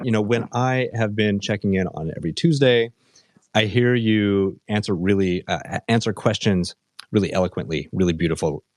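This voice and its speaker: A man with a lowish voice hosts a casual live audio chat. He talks in a relaxed way with fillers and restarts. The sound is dry and close. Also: no room sound. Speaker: host.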